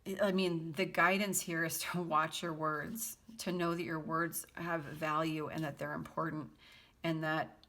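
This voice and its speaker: Woman tarot reader, casual chat, giggly, lower register. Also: little pitch movement, unhurried, pushed and bright. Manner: giggly, chatty, breaks into laughter often; reads song lyrics aloud in a half-sung lilt. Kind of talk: casual tarot reading to viewers.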